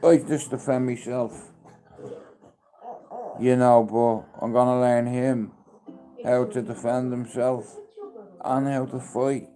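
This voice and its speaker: A man in his fifties on a casual live stream, mixing coaxing sing-song baby talk and sudden loud calls with rambling, heartfelt chat. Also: mid-range voice, flat delivery, slow pace, pauses often, faint music behind. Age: 50s.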